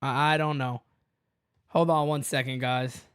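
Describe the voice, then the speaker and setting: A man hosting a live fan stream, ranting excitably with swearing and casual banter. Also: mid-range voice, a little slow, clean tone. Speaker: host. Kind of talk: live-stream sports talk.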